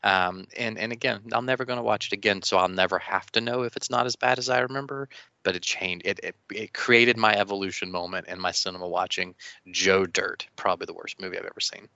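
Gravelly-voiced man in casual chat. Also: deep voice, fairly quick, dry recording, highs cut off. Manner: animated storytelling, frequent restarts.

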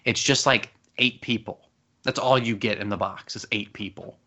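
A man chatting casually, telling an animated story with quick asides. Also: on the low side. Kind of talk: casual chat. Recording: dull lo-fi sound.

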